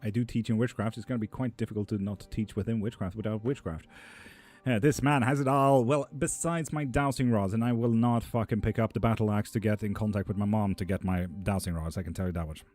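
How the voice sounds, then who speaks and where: A man's voice: fairly low pitch, steady tone, fairly quick, darkish tone. A man hosting a live stream, chatting casually and answering viewer questions in a loose, joking, profane way, laughing often. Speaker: live stream host reading chat questions. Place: indoor room with a fan running.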